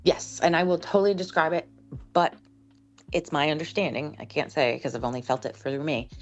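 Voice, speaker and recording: A woman guest shares her experiences in an earnest, heartfelt, reflective way. Her voice sits very low with a gravelly fry. Faint music plays underneath. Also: steady tone, a little fast, muffled recording. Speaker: sound practitioner guest. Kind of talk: casual interview conversation.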